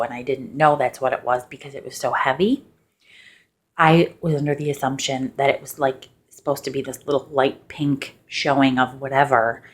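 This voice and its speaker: A young woman casually telling a personal story in a loosely ASMR style, chatty and laughing, bursting into high excited voices when she quotes people. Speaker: ASMR channel host.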